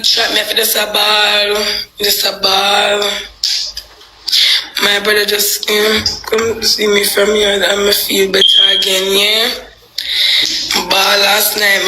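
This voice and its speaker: A man's voice: sits high, sharp tone, echoey room, slight background noise, poor audio. A man with a Jamaican accent, talking to his live-stream viewers in Patois in a rambling, confessional way.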